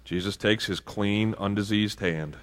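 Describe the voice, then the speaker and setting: A man's voice: lowish voice, measured pace, in a large hall. A male pastor preaching a sermon in a conversational way, with asides and frequent restarts. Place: church sanctuary.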